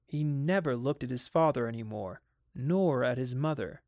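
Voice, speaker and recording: A man narrating a dramatic audiobook in a measured way, slowing on ominous details. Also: mid-range voice, a little mellow, no echo, clean studio sound.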